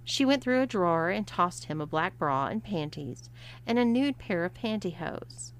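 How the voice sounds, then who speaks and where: A woman narrating a story, reading expressively and at a measured pace. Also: fairly low pitch, lively intonation.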